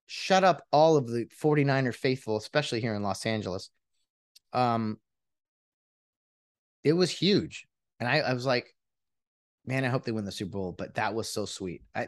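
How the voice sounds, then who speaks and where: A sports commentator venting as a fan, this man rants casually about football while his pitch leaps and falls. He sounds exasperated and mocking, and he stumbles into restarts as the words pile up.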